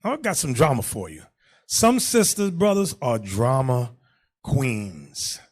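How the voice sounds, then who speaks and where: A man teaching a class as a bishop, in animated sermon style, shouting and acting out the voices in his anecdotes. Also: mid-range voice, takes it slowly.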